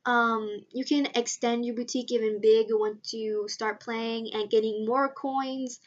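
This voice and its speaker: Teen girl vlogger, rambling and chatty, a bit high-pitched, muffled lo-fi audio. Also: flat delivery, measured pace. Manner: rambling, chatty, many fillers. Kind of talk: casual chat vlog.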